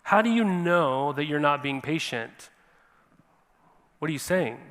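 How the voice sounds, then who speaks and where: A man preaching a sermon as pastor, animated and often checking in with his listeners. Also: fairly high pitch, measured pace, long reverb tail. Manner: animated, repeats "right?" to the congregation. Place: church sanctuary.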